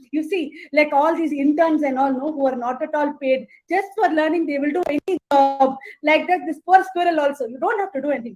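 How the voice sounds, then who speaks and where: A woman telling a folk story in a lively, chatty way with asides to her listeners. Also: sits high, fairly quick, few pauses, poor audio. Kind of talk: animated oral storytelling.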